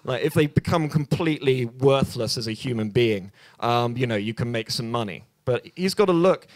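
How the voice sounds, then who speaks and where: A man's voice: mid-range voice, dry recording. A young British man doing a stand-up set at an open mic night in a bar, dry and self-deprecating, rambling with many ums and restarts, on a handheld stage mic. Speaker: stand-up comedian.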